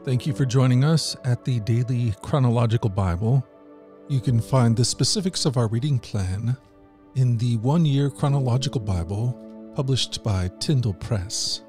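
A man hosting a daily podcast, reading scripture aloud in a steady, earnest voice. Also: medium pitch, normal speed, soft background music. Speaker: host and Bible reader.

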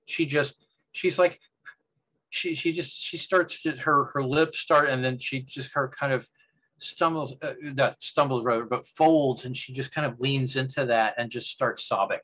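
A man's voice: mid-range voice, fairly even intonation, measured pace, fairly bright tone, low-quality recording. Man narrating as game master. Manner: meandering narration with frequent restarts.

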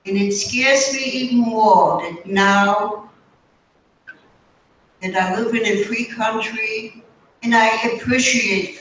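Older woman, slow deliberate storytelling, far from the mic, booming hall echo, faint noise. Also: fairly bright tone. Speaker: guest speaker. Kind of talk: storytelling testimony. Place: high school auditorium.

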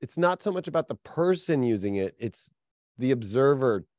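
A man's voice: mid-range voice, very animated, moderate pace, darkish tone, no echo. Rambling male astrologer, dry close sound. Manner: rambling, filler-heavy storytelling. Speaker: astrologer guest. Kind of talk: casual podcast conversation.

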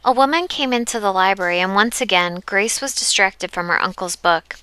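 A woman narrating an audiobook chapter with steady, even storytelling. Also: mid-range voice, brisk, clean tone, no echo. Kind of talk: scripted narration.

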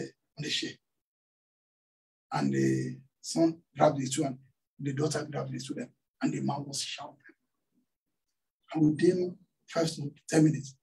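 A man's voice: mid-range voice, creaky, darkish tone, distant mic, rough recording. A man preaching a sermon, telling a story and tossing questions out to the congregation. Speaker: pastor. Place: church hall.

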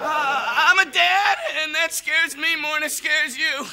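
An American man doing a stand-up comedy set with a raspy, strained high voice, stammering and breaking into manic yells. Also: unhurried, crowd noise. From United States. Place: TV studio stage before a live audience. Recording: live TV studio with loud audience. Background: loud audience laughter and noise.

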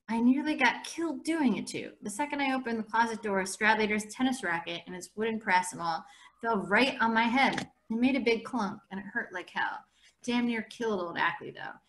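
A woman English teacher reading a novel aloud for her class in a steady, conversational way. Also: medium pitch.

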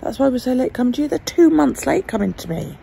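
Woman vlogger, gravelly and blunt, swears freely while venting, faint background noise. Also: high-pitched, expressive, quick pace, mellow. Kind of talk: casual vlog monologue.

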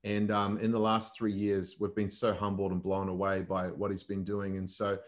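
A friendly man with an Australian accent speaks as a guest in a casual interview. His voice is lowish. He fills his pauses with many "um"s. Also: completely flat delivery. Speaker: guest preacher.

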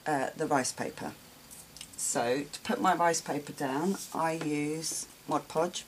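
A woman hosting a real-time craft tutorial, talking quietly to herself as she works. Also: low-pitched, noisy background. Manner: unhurried, talks while working, quiet asides.

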